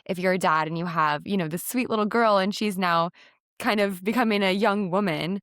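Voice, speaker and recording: A woman's voice: mid-range voice, brisk, fairly bright tone, dry recording, clean studio sound. A woman hosting a podcast, asking long framing questions and affirming her guest often. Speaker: podcast host. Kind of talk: interviewing a guest.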